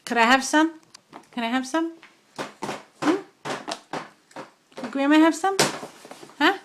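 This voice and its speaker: Slow, coaxing older grandma. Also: female voice, high voice, expressive, a bit bright, slight background noise. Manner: coaxing, sing-song questions. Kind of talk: baby talk to a grandchild.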